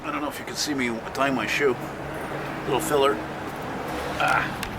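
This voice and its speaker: In a steady, mid-range voice at normal speed, a vlogger walks outdoors through windy city streets, chatting, griping, and swearing to his handheld camera. Traffic and wind are audible in the background.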